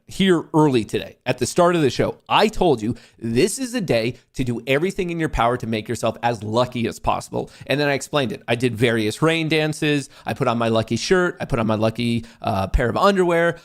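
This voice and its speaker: A young man hosts a casual trading livestream, talking loosely with plenty of swearing. His voice sits at an ordinary male pitch. He jumps from low, distracted muttering into excited, bragging bursts. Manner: excitable, profane, jokey bragging. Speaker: livestream host, day trader.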